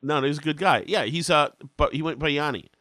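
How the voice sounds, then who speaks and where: A man's voice: a little high, fast, pushed and bright. A man with a cold hosting a podcast, asking wry, probing questions in casual chat. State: has a cold. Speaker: podcast host.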